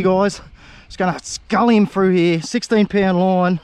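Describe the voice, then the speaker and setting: Excitable Australian man fishing outdoors. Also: sits high, normal speed, clear, resonant tone, dry recording. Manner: excitable, talks to the fish and viewers. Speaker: fishing channel host. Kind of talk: casual fishing vlog commentary. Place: outdoors by a river.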